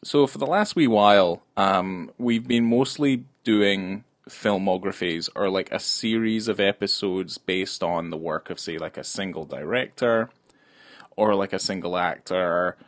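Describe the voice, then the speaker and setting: Male co-host, low voice, dry close sound, rambling joker. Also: measured pace, no echo. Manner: rambling, jokey, lots of fillers and restarts. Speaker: podcast co-host. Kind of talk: casual film podcast chat.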